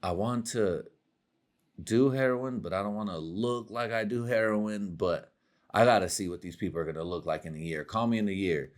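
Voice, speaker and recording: A young man hosts a comedy show, his voice sitting on the lower side. He rambles through a profane monologue, swearing freely and laughing at his own jokes. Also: normal speed. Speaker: comedy podcast host.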